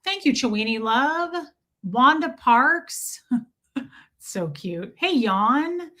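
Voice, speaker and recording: Hosting a casual live stream, a woman chats and greets her viewers one at a time with playful teasing. Her voice is fairly high and animated, but she speaks very slowly. She sounds chatty and warm toward chat, captured on a streaming mic.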